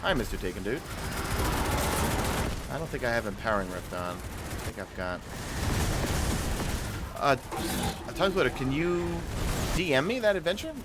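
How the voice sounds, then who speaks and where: A man's voice: mid-range voice, lively intonation, moderate pace, pauses often, very noisy. A man with a New York accent streaming a video game live, chatting casually and answering viewer questions while he plays. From New York City. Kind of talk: live gameplay commentary.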